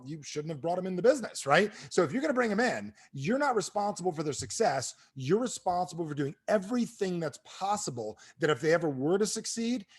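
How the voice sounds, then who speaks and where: A middle-aged man giving a motivational sales talk to an audience, telling stories quickly and with animation. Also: on the high side, slightly rough. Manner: fast-talking, animated storyteller. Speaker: sales trainer and speaker.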